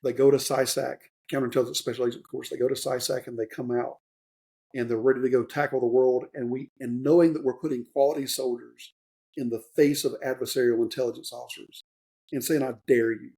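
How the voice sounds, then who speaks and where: This podcast guest, a retired Army warrant officer in his fifties, talks at a quick pace in a creaky, dark voice of medium pitch with fairly even intonation. His storytelling is rambling and loose, with lots of fillers and restarts, and he comes across as earnest and openly emotional throughout the conversational interview.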